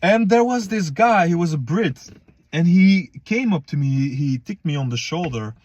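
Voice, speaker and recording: A man's voice: fairly high pitch, expressive, normal speed, a little mellow, lo-fi sound. A young man casually talking to viewers as a fitness vlogger, slangy and loose, calling them guys and bro. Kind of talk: casual advice vlog.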